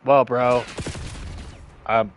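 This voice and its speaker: A man putting on the voice of a panicky, washed-up male actor who pleads loudly and keeps repeating "bro". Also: mid-range voice, little pitch movement, very slow, dull audio, a little hiss or hum, voice pushed up. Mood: pleading.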